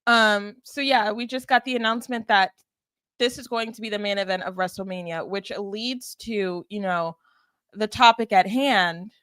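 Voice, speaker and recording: A young woman co-hosting a podcast, casually retelling events in an animated way, acting out what people said. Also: medium pitch, normal speed, clean tone, no room sound. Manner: chatty, animated retelling with quoted asides. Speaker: podcast co-host. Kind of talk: casual chat recapping wrestling.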